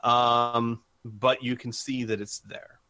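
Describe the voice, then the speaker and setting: Casting: male game master, bright tone, rambling casual narration. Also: medium pitch, level tone, slow pace. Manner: rambling, full of fillers and restarts.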